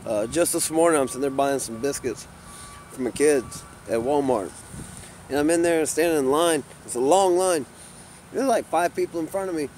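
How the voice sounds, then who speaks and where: A man's voice: on the high side, normal speed, slight background noise. Rambling, profane man vlogging. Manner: rambling and profane, constant "you know" fillers; gets loud and heated telling a story. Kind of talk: rambling casual monologue to camera.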